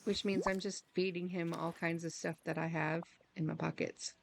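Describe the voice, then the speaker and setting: A woman's voice: on the low side, flat delivery, moderate pace, vocal fry, a little hiss or hum, low-quality recording. A woman live-streaming a video game, chatting casually with viewers in a rambling, giggly, self-deprecating way.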